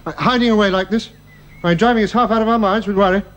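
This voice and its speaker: A gentle, hesitant middle-aged father. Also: high voice, steady tone, fast. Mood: worried. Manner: soothing, with hesitant restarts. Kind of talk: radio drama acting.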